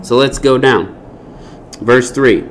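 A man's voice: medium pitch, takes it slowly, slight background noise. A man teaching a Bible lesson, speaking emphatically and often asking rhetorical questions.

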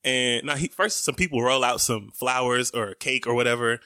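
A young man chatting on a podcast, with a bright, forceful tone. He is animated and laughs often while bantering with his wife. The sound is close and dry. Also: medium pitch, normal speed, no room sound. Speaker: podcast co-host. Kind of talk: casual podcast chat.

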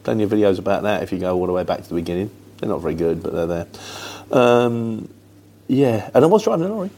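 A middle-aged truck driver from Luton, England, speaks with a Mockney market-trader twang, answering viewer questions in a casual, rambling, plain-spoken way full of fillers. His voice is on the low side, mellow and animated, moving at a quick pace, with slight background noise.

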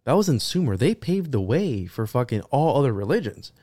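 A man talking casually on a podcast, rambling through stories with plenty of swearing and animated bursts. His voice sits at an ordinary middle pitch, recorded close and dry with no room sound. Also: fairly quick, no room sound. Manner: profane, rambling, animated storytelling. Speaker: podcast guest.

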